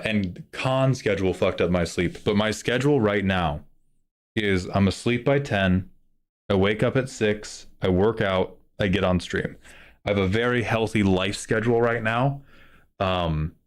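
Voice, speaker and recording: Slightly low-voiced male streamer. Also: normal speed. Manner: loose, joking and profane. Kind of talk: casual live-stream chat.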